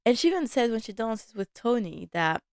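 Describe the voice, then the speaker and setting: Chatty woman with a smooth, dry voice. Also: on the high side, brisk, no echo. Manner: chatty and animated, laughing often, slipping into quoted lines. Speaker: podcast host recapping a TV drama. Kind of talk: casual chat.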